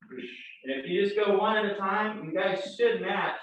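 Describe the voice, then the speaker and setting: A higher-pitched man with a Texan accent leads a dance class in a folksy, joking way. He sounds distant in a roomy studio, and the sound is a little dull, with faint noise behind him. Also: steady tone, unhurried, fairly bright tone. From Texas. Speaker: dance instructor. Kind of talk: live dance class instruction.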